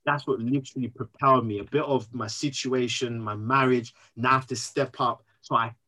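A man, speaking as a podcast guest, earnest and emotional, telling his story in an animated way. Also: medium pitch, brisk, low-quality recording. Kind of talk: candid interview conversation.

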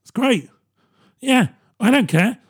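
A man's voice: extremely high pitch, lively intonation, slow, slightly rough. A British man in his thirties, rambling and self-mocking in a casual comedic monologue, laughing often. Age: 30s.

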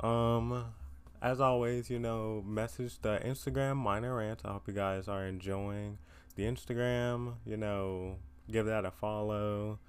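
Tired teen male podcast host, lowish smooth voice, rambling casual chat full of fillers. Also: fairly even intonation, measured pace. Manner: rambling, filler-heavy, self-deprecating.

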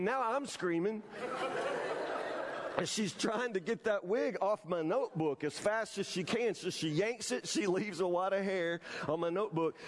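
A man preaching, his voice sitting high for a man. He tells a story, repeats himself for emphasis and keeps asking the congregation "you understand?". The sound rings on in a large hall. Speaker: pastor. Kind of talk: sermon with personal story. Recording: long hall reverb.

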